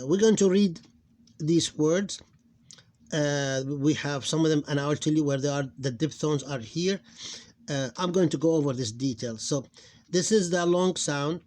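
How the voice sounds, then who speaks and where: Hesitant man teaching phonics, fairly high voice. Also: a little mellow. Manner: hesitant, many fillers, slows down to sound out words. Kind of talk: explaining a lesson on screen.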